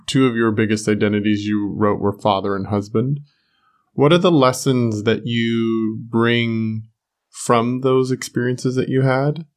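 A man hosting a podcast, asking interview questions in a measured, supportive way. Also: on the low side. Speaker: podcast host.

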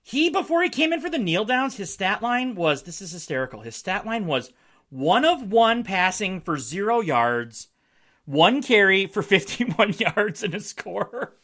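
Laughing frequently, this male host riffs on how his team just played, keeping things wry, joking and loose on his own sports podcast. He speaks a little slowly but is very animated, with a bright, forward tone, lots of pitch movement and an easygoing, talkative feel.

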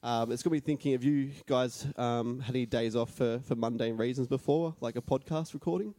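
A man's voice: mid-range voice, brisk, warm tone. A young Australian man with a nasal voice hosts a casual podcast chat. He rambles through stories about himself and pokes fun at himself along the way. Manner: rambling, self-mocking storyteller. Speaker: podcast host. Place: share house.

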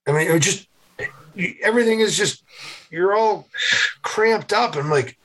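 A man's voice: sits high, a little fast, a little hiss or hum, low-quality recording. A man, a former Navy SEAL and keynote speaker, telling vivid stories with energy in a podcast interview and acting out the voices. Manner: energetic storytelling, acts out voices.

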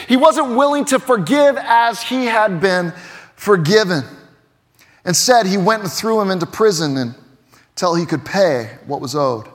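Male pastor, earnest and emphatic, high-pitched, preaching in a reverberant sanctuary. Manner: earnest, emphatic, swings between loud and hushed. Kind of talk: sermon.

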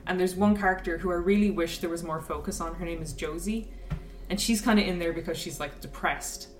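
A woman's voice: fairly low pitch, brisk, soft background music. A woman chatting casually about a film, enthusiastic and rambling with lots of fillers. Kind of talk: casual chat, film review. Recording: echoey room, mic at a distance.

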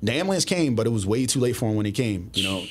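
A man, a former police officer, telling his story as a guest in a casual, profane, animated way. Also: mid-range voice, very fast. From Southwest Philadelphia. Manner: profane, animated retelling with acted-out dialogue.

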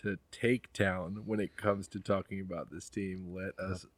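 A man's voice: deep voice, little pitch movement, a little slow. A man co-hosting a podcast, bantering playfully and laughing often. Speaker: podcast co-host. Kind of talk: casual chat.

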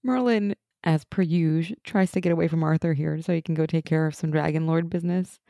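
A young woman co-hosting a casual TV recap chat, animated and laughing as she acts out lines from the show. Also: low-pitched, fairly quick, no echo, clean studio sound. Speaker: podcast co-host.

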